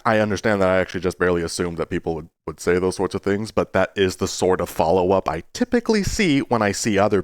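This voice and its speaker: A man talking to his viewers in a casual, rambling way, earnest but playful, with sudden jumps into a high voice. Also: no echo, studio quality. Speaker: YouTuber. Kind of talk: casual talking-to-camera monologue.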